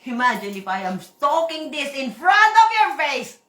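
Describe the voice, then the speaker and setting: A woman's voice: sits high, very animated, moderate pace, fairly bright tone, roomy sound. A woman with a Filipino accent talking to camera in a rambling, emphatic vlog monologue, repeating herself and breaking into laughs. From Philippines. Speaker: vlogger.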